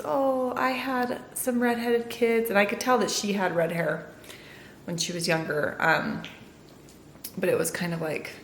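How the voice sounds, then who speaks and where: Chatty middle-aged woman in a roomy space. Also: on the low side. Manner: chatty, rambling, with many fillers. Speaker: family vlogger. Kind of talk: casual storytelling to camera. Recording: roomy sound with faint noise.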